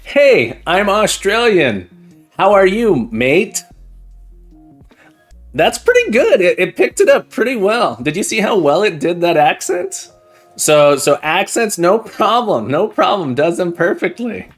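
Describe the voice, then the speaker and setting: Excitable, lively-voiced coding streamer. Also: male voice, sits high, moderate pace, soft background music. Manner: excitable, chatty, repeats words and restarts often; laughs often and jokes with chat. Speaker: livestream coding host. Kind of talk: casual live-stream chat while coding.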